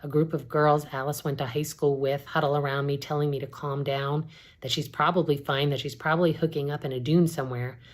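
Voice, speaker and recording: A woman, an English professor, reading a novel aloud in a steady, measured narration. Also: low voice.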